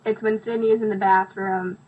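A woman's voice: mid-range voice, little pitch movement, a little fast, husky. A woman co-hosting a podcast in casual chat, giving blunt opinions in plain words. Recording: dull lo-fi sound.

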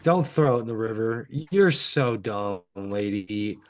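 A man's voice: fairly low pitch, expressive, takes it slowly, a little hiss or hum. A man co-hosting a casual watch-along podcast, making wisecracks. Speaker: podcast co-host.

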